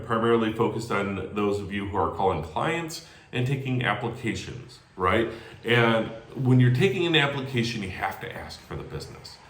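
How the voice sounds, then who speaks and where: A man giving energetic sales call training who often adds "right?" after his points. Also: medium pitch, reverberant. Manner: energetic, animated, tags lines with "right?". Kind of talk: training talk.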